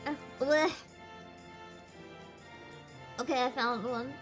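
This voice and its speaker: A woman streaming a video game, chatting casually. She is excitable, laughs often and swears. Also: high-pitched, slow. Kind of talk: casual gaming livestream commentary. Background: game music.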